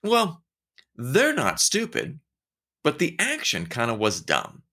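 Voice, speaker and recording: A man's voice: medium pitch, measured pace, husky. A man giving a casual motivational talk. He speaks straight to the listener and tells stories, often acting out the voices of the people in them. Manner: animated storytelling, acting out quoted voices; conversational, addresses listener directly.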